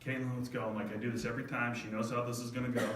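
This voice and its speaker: A man's voice: medium pitch, level tone, very fast, distant mic, a crowd in the background. Middle-aged man telling a story in an echoey hall. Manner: heartfelt, self-deprecating, quoting his daughter. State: near tears at moments. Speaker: speaker telling a family story to an audience. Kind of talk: storytelling talk.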